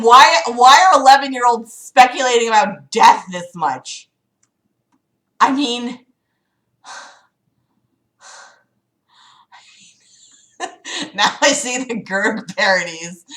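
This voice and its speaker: A woman's voice: medium pitch, a bit bright, roomy sound. A woman hosting a livestream, reading a book aloud and breaking off into sarcastic, exasperated commentary full of swearing. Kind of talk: dramatic reading with mocking commentary. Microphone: streaming mic.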